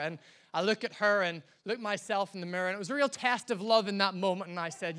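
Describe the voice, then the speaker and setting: A man's voice: sits high, fast, a bit bright. A man preaches a live sermon at a church service. He tells a long personal story with self-mocking humor and speaks straight to the congregation. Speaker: pastor.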